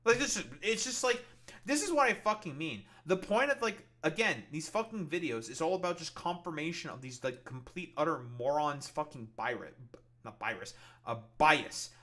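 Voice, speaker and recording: A man's voice: on the high side, animated, moderate pace, fairly bright tone. A man hosting a casual reaction show, mocking a video in a profane rant. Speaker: podcast host reacting to videos.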